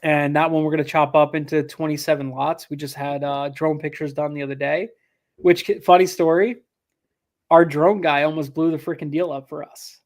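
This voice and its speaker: Higher-voiced man telling a deal story. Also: moderate pace. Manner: animated, acts out quotes, frequent fillers and restarts. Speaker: land investor guest. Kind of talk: casual interview storytelling.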